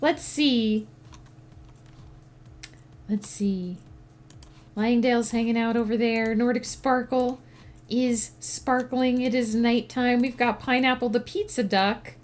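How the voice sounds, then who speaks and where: A woman's voice: on the high side, steady tone, takes it slowly, pauses often. A woman streamer chatting casually with her live chat, reacting to messages and laughing often. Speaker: streamer and writer.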